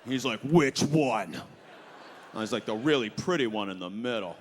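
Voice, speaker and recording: A man doing an animated stand-up story, acting out the voices of the people in it. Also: fairly low pitch, fast talker, a crowd in the background, noisy background. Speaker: stand-up comedian. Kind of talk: stand-up routine. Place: comedy festival stage. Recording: stage recording with long hall reverb.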